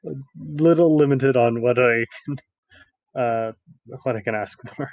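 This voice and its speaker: A man plays his character in an online tabletop game, speaking in a measured, slightly hesitant way. His voice sits mid-range and is picked up close and dry, with no room sound. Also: medium pitch, darkish tone, no room sound, dull audio. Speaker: player. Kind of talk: casual in-character play over voice chat.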